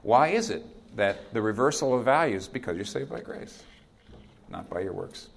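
A man preaching a sermon as pastor, earnest and emphatic, often dropping to a quiet, firm voice for his key points. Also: on the low side, expressive, moderate pace, creaky.

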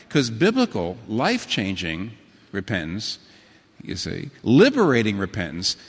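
A middle-aged man preaching a sermon as pastor, telling stories and quoting scripture with sudden swings between low, hushed phrases and raised, emphatic ones. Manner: animated storytelling with sudden pitch swings and quotations. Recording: long hall reverb.

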